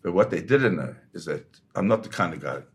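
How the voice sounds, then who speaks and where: A man's voice: sits low, lively intonation, brisk, gravelly. A man, a photojournalist guest, telling a dramatic first-person story in a vivid way. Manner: vivid storyteller who slips into quoting voices.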